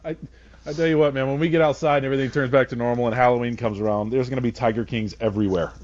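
A man's voice: medium pitch, steady tone, racing, darkish tone, highs cut off. A man appearing as a guest on a talk radio show, chatting with enthusiasm and laughing often. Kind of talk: casual talk radio chat.

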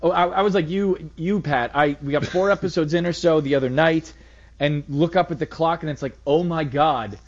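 Husky-voiced male radio co-host. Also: on the high side, fairly even intonation, fairly quick, highs cut off. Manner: wry, incredulous storyteller. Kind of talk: casual talk radio chat.

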